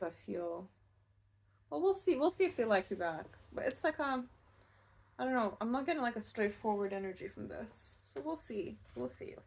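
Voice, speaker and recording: Chatty woman giving a tarot reading. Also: on the high side. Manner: chatty and rambling, with soft laughs and fillers. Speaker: tarot reader. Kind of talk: casual pick-a-card tarot reading.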